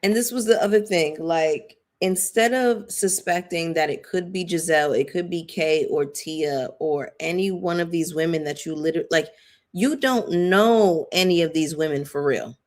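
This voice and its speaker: Blunt, lower-pitched woman chatting to viewers. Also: moderate pace, a little mellow. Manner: chatty, emphatic, addresses viewers as y'all and girl. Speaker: reality TV commentator. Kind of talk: casual live-stream commentary.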